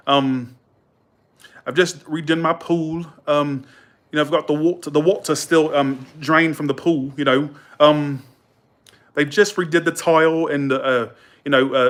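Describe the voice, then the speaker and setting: A man on a livestream doing a put-on British accent, exaggerated and halting, full of fillers. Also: on the high side, a bit bright, natural voice. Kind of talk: livestream chat.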